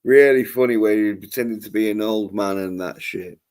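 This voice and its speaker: A man's voice: lowish voice, fairly quick, darkish tone. A man hosting a livestream, telling stories in a rambling, crude and profane way. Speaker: livestream host. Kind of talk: casual chat.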